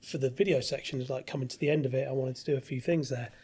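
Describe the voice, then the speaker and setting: A man's voice: mid-range voice, steady tone, very fast, mellow, husky. A man, a podcast guest rambling through a personal story and acting out what others said, recorded on a studio mic. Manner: rambling anecdote, acts out others' lines. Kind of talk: casual storytelling chat.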